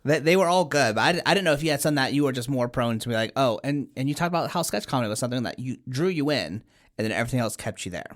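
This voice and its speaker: A man's voice: mid-range voice, animated, very fast. A man co-hosting a podcast in casual chat over drinks, explaining things and laughing easily. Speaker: podcast co-host.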